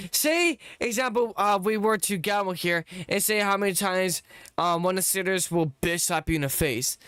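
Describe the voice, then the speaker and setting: A young male streamer with a slightly high pitch who answers bluntly and deadpan, poking holes with pointed questions. His voice is close and dry, with no room sound. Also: clean tone, no room sound. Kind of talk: casual live-stream chat.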